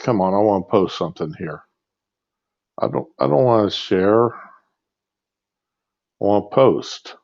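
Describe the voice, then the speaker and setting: A man's voice: on the low side, animated, unhurried, gravelly, pauses often, a little mellow. A man ranting off the cuff on a livestream, angry and rambling, with many fillers and restarts. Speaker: livestream host. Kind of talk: impromptu rant. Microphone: earbud with built-in mic on a phone. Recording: muffled lo-fi phone earbud mic.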